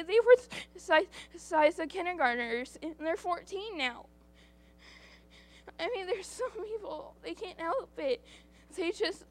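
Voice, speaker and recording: A woman giving a spoken testimony to her church, rambling and earnest, acting out the dialogue she quotes. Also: extremely high pitch.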